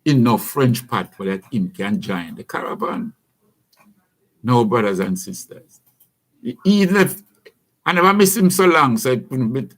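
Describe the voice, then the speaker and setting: A middle-aged man with a Jamaican accent, hosting a radio show and telling a story to his listeners in a lively, conversational way. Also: medium pitch. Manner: storytelling, lively, addresses listeners as brothers and sisters. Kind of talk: casual radio monologue.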